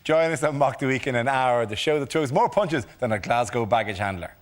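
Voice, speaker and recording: A man's voice: mid-range voice, animated, a little fast. A man hosting a comedy panel show, recording trailer takes, laughing at his own flubs and swearing freely. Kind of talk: joking trailer takes between rounds. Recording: loud studio audience and noise.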